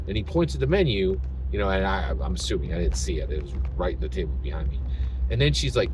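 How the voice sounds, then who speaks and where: A man with a low voice tells a story as a rant, and his pitch swings widely. He keeps checking in with "right?" and sounds like he is talking to camera. Faint ambient noise sits behind him. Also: fairly quick. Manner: animated, tags sentences with "right?". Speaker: channel host.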